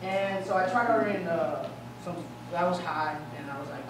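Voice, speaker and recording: A man's voice: high voice, brisk, hardly any pauses, noisy background. Young male comic, loose and self-amused. Distant recording, audience murmur behind. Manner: rambling, self-amused storytelling. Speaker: stand-up comedian. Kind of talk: stand-up comedy. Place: college stage venue. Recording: echoey hall, recorded from far off. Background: audience ambience.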